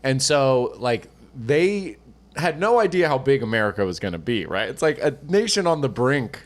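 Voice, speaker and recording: A man's voice: mid-range voice, sing-song, moderate pace. A man co-hosting a podcast, rambling and swearing casually while he tells stories and acts out quotes in other voices. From Northern California. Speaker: podcast co-host. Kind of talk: casual chat, storytelling.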